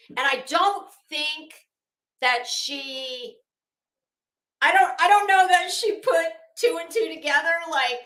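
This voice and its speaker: Rambling woman host, high voice, roomy echo, casual chat with restarts. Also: expressive, slow, pauses often, sharp tone. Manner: rambling, many restarts and fillers. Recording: echoey room.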